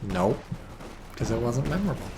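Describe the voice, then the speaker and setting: A man giving casual, excitable commentary on a strategy game, swearing and reading chat aloud. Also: mid-range voice, moderate pace, music in the background. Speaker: game caster.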